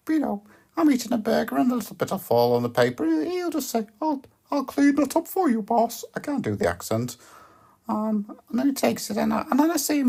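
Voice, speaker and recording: A woman hosts a comic podcast in a rambling, deadpan monologue, stopping often for ums and correcting herself mid-sentence. Her voice sits fairly high and swoops about animatedly. A gravelly fry runs through it. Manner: deadpan, hesitant, full of ums and self-corrections. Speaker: podcast host.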